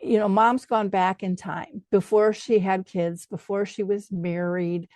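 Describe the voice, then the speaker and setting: A woman's voice: mid-range voice, steady tone, unhurried, a little mellow, no room sound, clean studio sound. A middle-aged woman hosting a podcast, affirming her guest and telling a family story in an earnest way. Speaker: podcast host. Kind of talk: conversational interview with anecdotes.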